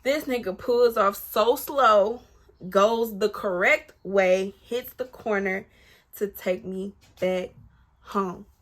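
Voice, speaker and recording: A storytime vlogger recounts a personal experience straight to camera, talking slowly in a mid-range voice. She's animated, blunt and foul-mouthed, speaking directly to viewers and acting out other people's lines mid-story.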